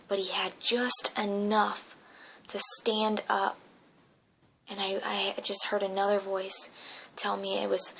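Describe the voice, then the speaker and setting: Gravelly, bright-voiced woman telling a dream. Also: medium pitch, flat delivery, moderate pace, a little hiss or hum, poor audio. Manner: emotional, slips into whispers. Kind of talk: earnest personal testimony.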